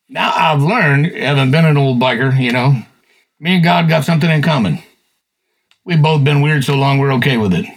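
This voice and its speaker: An older man hosts a podcast, sharing a personal testimony of faith in a folksy, plain-spoken manner. His voice sits at a medium pitch with a breathy edge.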